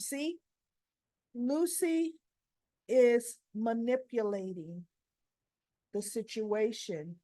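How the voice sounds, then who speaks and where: Slow, opinionated woman recapping soap scenes. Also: fairly high pitch, dry recording, clean studio sound. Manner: opinionated, retells scenes with quoted dialogue. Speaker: soap opera recap host. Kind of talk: casual recap vlog.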